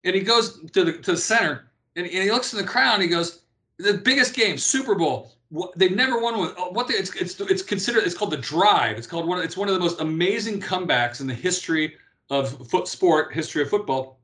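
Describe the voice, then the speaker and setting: A man in his fifties talks as an interview guest with a fairly high-pitched voice. He tells stories animatedly, often restarting and repeating words as he works out his point. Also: expressive, brisk, pushed and bright. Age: 50s. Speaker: interview guest, former pro athlete. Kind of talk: casual interview talk.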